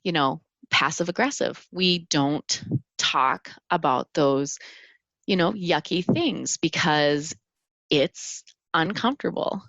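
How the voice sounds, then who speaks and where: A woman in her thirties hosts a solo podcast in a low, grounded voice. She talks earnestly and haltingly, restarting her sentences often. The sound is dry and a little dull. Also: fairly bright tone, no echo. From Minnesota. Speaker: podcast host. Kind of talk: reflective solo podcast talk.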